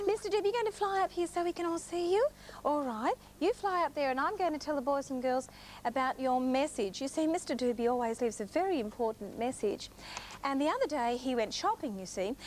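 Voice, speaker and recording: High-voiced woman, children's TV host, sing-song and coaxing, clip-on mic, studio. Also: a little mellow, slight background noise. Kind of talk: children's TV presenting. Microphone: clip-on mic on jumper.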